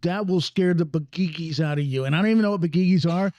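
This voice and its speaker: A man co-hosting a casual chat, cutting in with crude jokes and quick comments. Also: high voice, warm tone, dry recording. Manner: crude joking banter, quick interjections. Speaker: podcast co-host. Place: cigar lounge.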